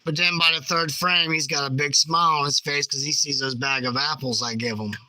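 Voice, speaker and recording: A middle-aged man casually chatting about his field photos, animated, jokey and blunt. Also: a little high, a little fast, dry recording, poor audio. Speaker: bigfoot researcher.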